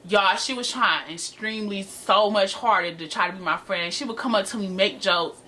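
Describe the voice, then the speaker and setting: At a moderate pace and in a pushed, bright mid-range voice, this eighteen-year-old shares a dramatic, sassy storytime with her viewers. It's a casual to-camera chat recorded on the built-in camera mic.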